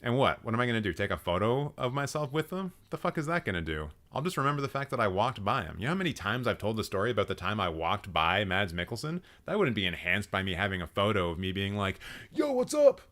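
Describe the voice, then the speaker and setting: A young man hosting a live stream, roasting viewers' film profiles with animated, profane, mock-outraged ranting and chatty asides. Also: fairly low pitch, fast, few pauses. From Canada.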